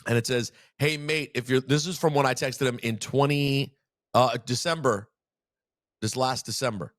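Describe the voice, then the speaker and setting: A man's voice: mid-range voice, normal speed, no room sound, clean studio sound. A man co-hosting a podcast, chatting loosely and rambling with teasing asides. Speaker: podcast co-host. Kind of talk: casual chat. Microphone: studio podcast mic.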